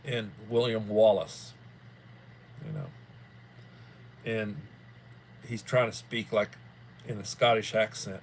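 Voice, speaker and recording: A man's voice: fairly low pitch, expressive, slow, creaky, long pauses. A man hosting a livestream in casual chat, rambling in a folksy way and repeating himself. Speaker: livestream host.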